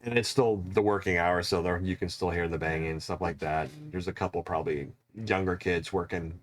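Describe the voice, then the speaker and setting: A man's voice: low-pitched, steady tone, brisk. A man running a tabletop game as game master, narrating loosely with lots of hedges.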